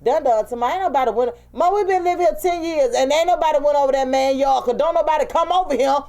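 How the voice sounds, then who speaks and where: A woman, co-hosting a casual chat and telling lively, animated stories. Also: sits high, fast talker. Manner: animated storytelling, acts out quotes. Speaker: co-host.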